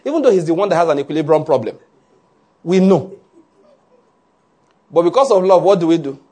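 A man preaching a sermon to his congregation, animated, often asking whether they follow and laughing along. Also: fairly high pitch, brisk. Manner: animated, asks "are you getting my point?" often, laughs along. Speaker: pastor.

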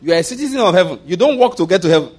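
Emphatic high-voiced male pastor preaching. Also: animated, very fast, a little mellow, slightly rough. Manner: emphatic, repetitive, rhetorical questions. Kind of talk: sermon.

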